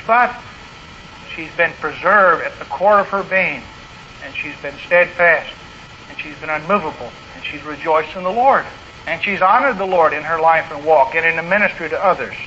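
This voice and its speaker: A man with a high, bright voice preaches an earnest sermon, pressing his points home through repeated phrases. The recording is dull and lo-fi, with a faint hiss behind him. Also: normal speed. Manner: earnest preaching, rising to emphatic repetition. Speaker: pastor.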